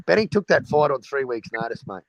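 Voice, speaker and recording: A man's voice: mid-range voice, very animated, fairly quick, creaky, a bit bright, no echo, highs cut off. A man with an Australian accent hosting a stream, chatting about boxing bluntly and swearing freely. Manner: blunt, sweary, mate-heavy banter. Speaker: stream host. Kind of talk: casual boxing chat.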